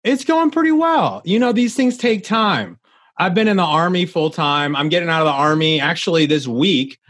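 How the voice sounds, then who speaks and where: A man's voice: a little high, expressive, moderate pace, a bit bright, no echo. A young adult man, a podcast guest, talking earnestly in a casual interview, rambling with many restarts.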